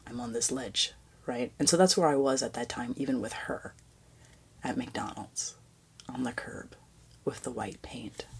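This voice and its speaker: A woman's voice: very deep voice, vocal fry, a little hiss or hum. A woman hosting a podcast, telling a personal story in a rambling, reflective way that often drops to near-whispers. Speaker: podcast host.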